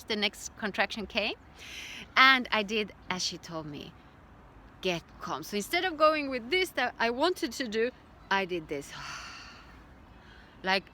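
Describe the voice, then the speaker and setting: Bright-voiced woman telling a personal story. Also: fairly high pitch, a little hiss or hum. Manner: calm, reflective storytelling with acted-out quotes. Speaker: birth educator.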